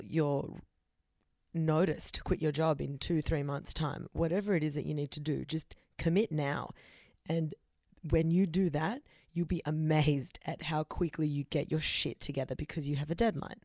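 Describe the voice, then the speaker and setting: A woman's voice: low-pitched, a little mellow. A young Australian woman hosting a podcast, giving candid advice and telling a story in a chatty style, swearing freely. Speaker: podcast host.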